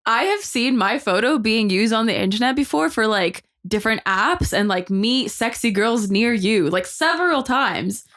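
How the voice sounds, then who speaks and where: A woman's voice: fairly high pitch, lively intonation, normal speed, few pauses, fairly bright tone. A young woman guest on a podcast, telling stories in a chatty way with lots of fillers. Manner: chatty storyteller, many likes, laughs easily. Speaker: guest influencer. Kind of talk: casual podcast chat.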